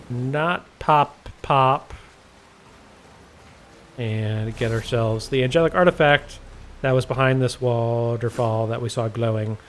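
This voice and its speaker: Talking through a video game from his desk mic at home, this man wanders off track, fixes his own mistakes, and adds dry remarks as he goes. He speaks at a medium pitch over a faint hiss or hum.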